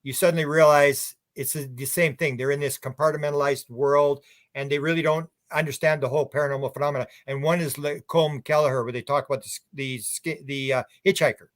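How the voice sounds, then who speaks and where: A man's voice: fairly high pitch, steady tone, a little fast. A man guest on a radio talk show, telling rambling anecdotes with many restarts. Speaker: UFO researcher guest. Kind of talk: casual radio interview chat.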